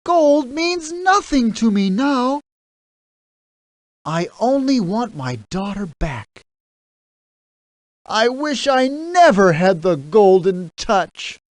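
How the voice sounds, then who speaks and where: A woman's voice: on the high side, very animated, slow pace, long pauses, no room sound, pitched above the performer's own voice. A woman narrator voicing an upset, pleading king in a children's storybook game. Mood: distressed. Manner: cries out in distress.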